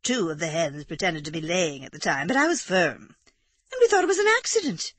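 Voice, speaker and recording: A woman's voice: on the low side, very animated, brisk, breathy edge, no room sound. A woman voicing a mischievous, dispassionate English woman who speaks with dry, unrepentant amusement. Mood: wry.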